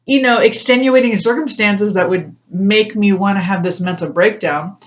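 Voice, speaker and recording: A woman's voice: mid-range voice, normal speed. A woman talks casually to her viewers as a spiritual coach, rambling through personal stories. She laughs often and slips into little voices when she quotes others. Her mid-range voice comes through a slightly muffled, lo-fi recording. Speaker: spiritual coach and tarot reader. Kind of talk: casual personal talk to camera.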